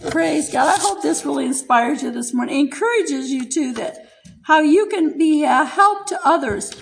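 An older woman preaches with a notably high voice, telling a personal testimony with feeling. She laughs often as she speaks and turns tearful in places, in an earnest church-sermon manner. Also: expressive, moderate pace, gravelly, a little hiss or hum, poor audio. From United States.

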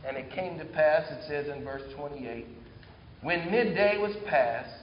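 A man preaching a sermon, retelling scripture in animated storytelling and reading verses aloud. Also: on the high side. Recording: echoey hall, dull sound.

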